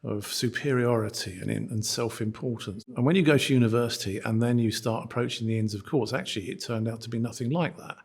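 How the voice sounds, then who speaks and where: Gravelly, husky male barrister. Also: mid-range voice, fast, hardly any pauses. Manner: reflective, repeats words while thinking. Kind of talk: documentary interview.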